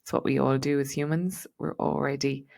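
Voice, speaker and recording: A middle-aged woman with a low, deep-set voice talks through coaching advice for her podcast. She speaks in a casual, reflective way, circling back with fillers and repeated words as she thinks aloud. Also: fairly even intonation, moderate pace, creaky, darkish tone. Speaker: podcast host and transition coach.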